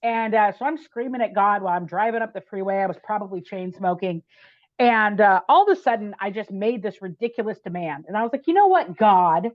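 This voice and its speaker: A woman guest on a podcast telling a personal story in an animated, chatty way, with frequent "like" and "right?". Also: medium pitch, fairly quick, dry recording, dull audio.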